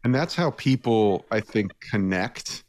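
A man appearing as a radio interview guest, telling a personal story in a lively way, with his voice lifting when he is moved. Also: on the low side, a little slow.

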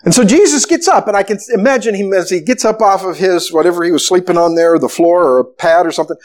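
A man preaching a sermon, retelling a story with animated, storytelling delivery. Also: sits high, fast. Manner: animated storytelling, acting out the disciples' panic. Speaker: pastor.

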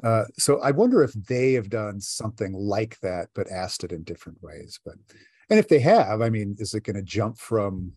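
Low-voiced man musing on a podcast. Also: lively intonation, normal speed, darkish tone, breathy edge, dry recording, studio quality. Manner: talkative, thinking aloud with many fillers. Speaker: podcast co-host. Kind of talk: casual podcast chat.

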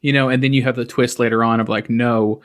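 A man's voice: medium pitch, flat delivery, fast talker, smooth. A young adult man chatting casually as a podcast co-host about a movie, rambling with lots of fillers and restarts. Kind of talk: casual movie review chat.

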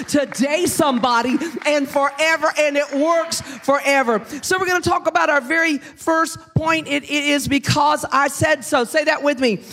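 Folksy woman preaching with animated humor. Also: a little high. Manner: animated, chatty, folksy, addresses the room with questions. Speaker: pastor's wife preaching to a congregation. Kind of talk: humorous storytelling sermon. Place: church sanctuary with a live congregation.

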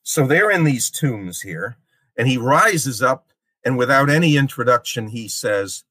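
Brief: slow, deliberate male lecturer, forceful voice, dry sound. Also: mid-range voice, animated, slightly rough, no room sound. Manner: deliberate, checks in with "okay?" and "um". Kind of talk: literature lecture.

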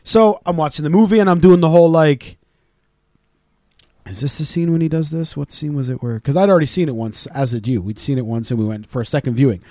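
A man co-hosting a casual podcast, telling stories with lots of swearing and loud acted-out quotes. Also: fairly high pitch, fast, no echo, clean studio sound. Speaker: podcast co-host. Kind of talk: casual profane chat.

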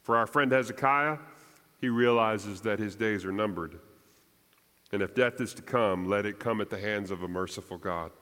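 A man preaching a sermon as pastor, measured and deliberate, his voice rising for emphasis and sinking soft at the ends of lines. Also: on the low side, long reverb tail.

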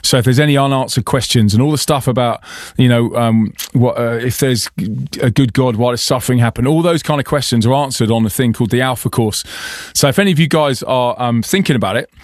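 A man's voice: mid-range voice, fast talker, dry recording. A man hosting a podcast in casual chat, chatty and often laughing, talking from a small insulated studio. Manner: chatty, laughing, filler-heavy. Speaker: podcast host.

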